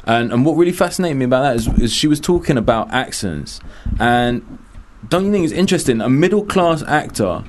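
A man's voice: medium pitch, fairly quick, background noise. A man co-hosting a casual chat, often restarting his sentences and mimicking voices as he tells stories. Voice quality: stammering restarts, animated. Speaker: co-host.

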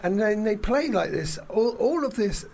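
A man hosting a casual podcast chat, retelling film scenes in a rambling, animated way with lots of fillers. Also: high voice, moderate pace, slight background noise. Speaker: podcast host.

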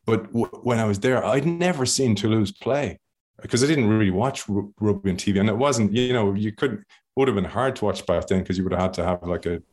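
Man, Irish accent, lowish voice, casual animated storytelling, podcast guest. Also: fairly quick. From Ireland. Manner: animated storyteller, laughs often and acts out other people's voices. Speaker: podcast guest, former rugby player.

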